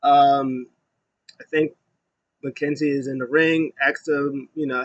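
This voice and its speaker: A man giving a casual solo review of a wrestling show, rambling with many ums and getting loud when he mimics an announcer. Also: mid-range voice, level tone, measured pace, pauses often, dull audio.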